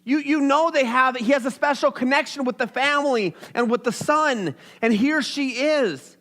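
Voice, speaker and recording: A young pastor delivers his sermon with an unusually high-pitched voice. He preaches in a casual, animated way, as if talking with the congregation. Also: normal speed.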